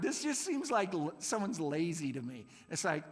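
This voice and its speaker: A man's voice: sits high, big pitch swings, moderate pace, hardly any pauses, a bit bright. A man running a playful real-or-fake quiz with a youth group at a church service, jokey and laughing often. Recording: long hall reverb.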